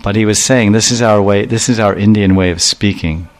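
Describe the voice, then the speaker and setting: A man's voice: on the low side, brisk. A man giving a devotional lecture, telling stories and acting out quoted speech, often repeating and correcting himself as he goes. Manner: storytelling, acts out quoted speech with voice changes; repetitive, self-correcting phrasing. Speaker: spiritual lecturer.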